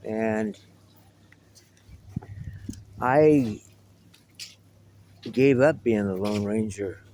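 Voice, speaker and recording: A man's voice: on the low side, extremely slow, mellow, slight background noise, rough recording. A middle-aged man talking casually to the camera in a meandering, reminiscing way, with wry asides. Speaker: vlogger. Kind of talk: casual rambling monologue to camera.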